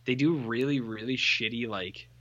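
A man's voice: medium pitch, moderate pace, fairly bright tone, dull audio. A man co-hosting a podcast in casual chat, rambling and sardonic, full of fillers and restarts. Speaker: podcast co-host.

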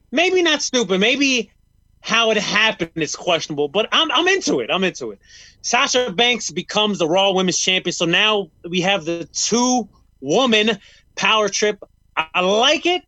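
A man's voice: high voice, bright, forceful tone, no room sound, poor audio. A man co-hosting a casual talk show, ranting bluntly and swearing freely. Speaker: podcast co-host. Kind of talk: casual chat.

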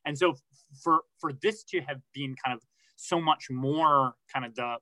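A man's voice: fairly high pitch, unhurried, pushed and bright, no room sound, rough recording. A man answering interview questions about his reporting, thoughtful, with many restarts and fillers. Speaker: podcast reporter, guest.

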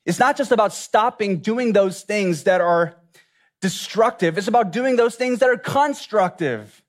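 A man's voice: high voice, measured pace. A man from Louisiana, preaching an earnest sermon and asking the listeners many reflective questions. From Louisiana, USA. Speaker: pastor.

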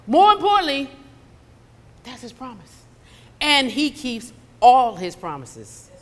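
A woman's voice: high voice, sing-song, slow pace, fairly bright tone. A woman preaching a conversational sermon in a church, slipping into acted asides. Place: church sanctuary. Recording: long hall reverb.

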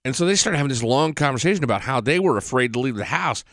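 Sarcastic male host, mid-pitched, gleeful and mocking, dead-dry recording. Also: animated, fast, a bit bright, dry recording. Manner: profane, rambling with restarts. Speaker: political commentary host. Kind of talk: opinionated monologue.

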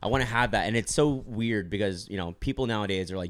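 Speaking fast in a fairly low voice, a young man hosts a podcast as a casual, rambling chat. His talk is packed with fillers and jokes.

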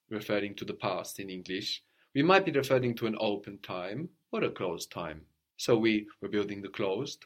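A man teaching a language lesson, patiently prompting his student and often checking with a questioning "no?". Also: on the low side.

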